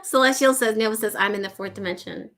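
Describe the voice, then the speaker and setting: Female livestream host with a bright tone, effusive and chatty, repeats lines back to her viewers. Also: medium pitch, fast talker. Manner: effusive, repeats phrases to savor them, laughs often. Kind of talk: casual live chat, reading viewer comments aloud.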